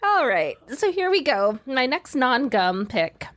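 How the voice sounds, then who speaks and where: Animated giggly woman podcast host. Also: high-pitched, a little slow. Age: 40s. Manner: animated, giggly, talks to listeners. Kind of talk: casual chat.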